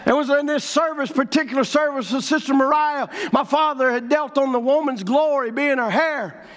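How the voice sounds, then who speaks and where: A middle-aged man preaching with a drawl and a strikingly high voice. He builds fervently into shouted declarations before dropping back to a plainer storytelling tone. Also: moderate pace. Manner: fervent, shouting, rising to proclamations. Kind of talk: revival sermon.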